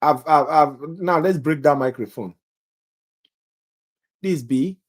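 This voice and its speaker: A man's voice: on the high side, slow pace. A man runs a live exam-prep review for nursing students, reading questions and answer options aloud. He quizzes his viewers and jokes about his own accent.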